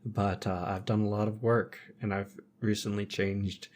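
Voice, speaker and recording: A man in casual conversation, speaking reflectively in measured, philosophical statements. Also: lowish voice, flat delivery, darkish tone. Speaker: podcast guest.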